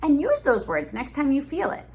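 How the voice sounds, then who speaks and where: A woman who teaches preschool online, reading a picture book and talking to young children in a playful, exaggerated storytelling voice that turns gentle and soothing at times. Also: high voice, wildly swooping pitch, moderate pace. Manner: sing-song, exaggerated storytelling voice for little kids; gentle and soothing when guiding breathing.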